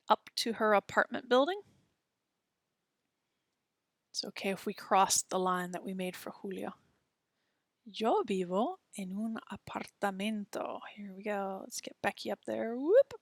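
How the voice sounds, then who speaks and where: A woman teaching young children, patient and encouraging. She speaks slowly and carefully, at a middle pitch. The recording is dry and close, with no room sound. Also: no room sound. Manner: patient, encouraging, slow and clear. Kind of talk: children's language lesson.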